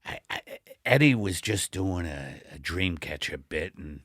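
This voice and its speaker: A man voicing Al, a bumbling, apologetic middle-aged husband, in a low mumbling voice in an improvised comedy sketch. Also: lively intonation, measured pace, fairly bright tone, dry recording, clean studio sound, full character voice. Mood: sheepish. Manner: low, gravelly, mumbling and sheepish. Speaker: comedy podcast co-host.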